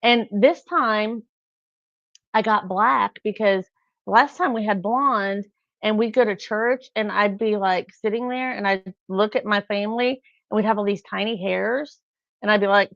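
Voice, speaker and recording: A woman's voice: medium pitch, steady tone, unhurried, fairly bright tone, dry recording, muffled recording. A middle-aged woman chatting casually on a live stream, rambling through stories. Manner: chatty, rambling, acts out quotes with laughs.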